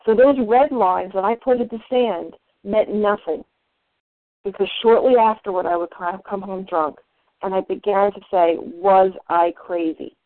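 A woman's voice: medium pitch, normal speed, dry recording. A woman sharing her own story at a recovery meeting, candid and confessional. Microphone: phone call. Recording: phone-line audio.

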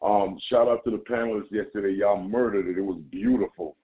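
A man's voice: fairly low pitch, fairly even intonation, a little fast. A man with a Jamaican accent sharing casually and playfully at a recovery meeting, full of slang and banter. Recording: tinny phone line.

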